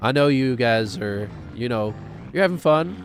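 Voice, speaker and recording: A man's voice: medium pitch, expressive, moderate pace, soft background music. A man streaming a video game, rambling and joking offhandedly as he plays. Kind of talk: gaming stream commentary.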